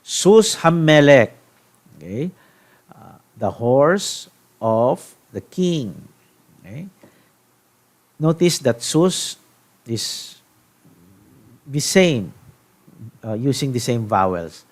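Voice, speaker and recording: A man from the Philippines teaching a Hebrew grammar lesson, deliberate, checking in with "okay?" and restarting phrases. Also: mid-range voice, very animated. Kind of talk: classroom grammar lecture.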